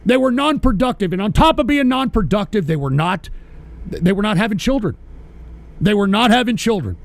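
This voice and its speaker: High-voiced man on a profane rant. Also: sing-song, normal speed. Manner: profane, ranting, berating listeners. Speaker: host. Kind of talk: live-streamed political rant.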